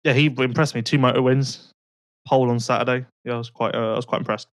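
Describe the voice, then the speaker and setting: A man's voice: mid-range voice, fairly even intonation, fast, no room sound, clean studio sound. A young man co-hosting a casual podcast, rambling and correcting himself. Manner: rambling, self-correcting, chatty. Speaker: podcast co-host.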